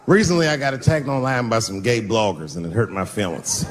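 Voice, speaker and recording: A man doing stand-up comedy, telling stories in an animated, profane way. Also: fairly low pitch, a little fast, background noise.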